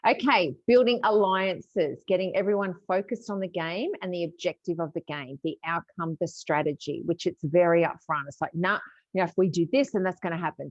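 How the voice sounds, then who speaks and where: A woman's voice: fairly low pitch, no echo. A woman hosting a podcast, chatty and agreeable as she recaps points. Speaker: podcast host. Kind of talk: casual podcast chat. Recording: dull, dry lo-fi sound.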